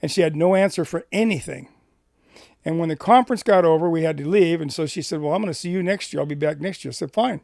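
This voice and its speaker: Man, gravelly, slightly high voice, dry close sound, animated storytelling. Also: quick pace, no room sound. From Washington State. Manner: animated storyteller, acts out dialogue. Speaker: Christian ministry speaker. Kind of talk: personal storytelling.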